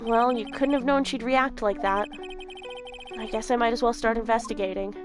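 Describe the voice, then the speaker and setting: A woman voicing a flustered young male defense lawyer, reading game dialogue aloud in a hesitant, stammering, lowered voice. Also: fairly even intonation, normal speed, over music, lightly acted. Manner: hesitant, stammering, low put-on voice.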